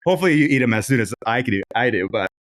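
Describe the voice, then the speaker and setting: A man hosting a podcast, telling casual, profane, animated anecdotes. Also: medium pitch, rapid-fire. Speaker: podcast host. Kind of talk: casual storytelling.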